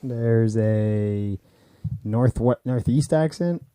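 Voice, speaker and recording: A man's voice: lowish voice, drawn-out words, dark tone, clear, resonant tone, no echo. Man chiming in with wry questions. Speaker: podcast co-host. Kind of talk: casual chat.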